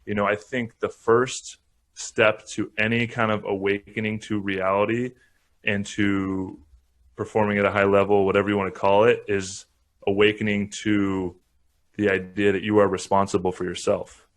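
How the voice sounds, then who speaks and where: A man's voice: on the low side, normal speed. A man in his thirties, a podcast guest and former pro football player, talking earnestly and reflectively. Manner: calm, earnest, speaks of self-responsibility. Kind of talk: reflective interview talk.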